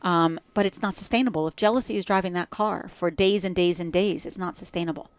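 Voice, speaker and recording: A woman's voice: on the low side, fast talker, clear, resonant tone, dry recording. A woman with a New Jersey accent, a yoga teacher in a podcast conversation, speaking earnestly and stacking short repeated phrases.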